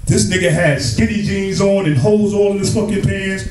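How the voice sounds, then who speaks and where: A man doing stand-up comedy, telling loose, profane, animated stories and bantering with the crowd. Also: sits high, normal speed, recorded from a distance, over music. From Brooklyn, New York. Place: comedy club. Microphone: handheld stage mic. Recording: echoey club recorded from afar, crowd.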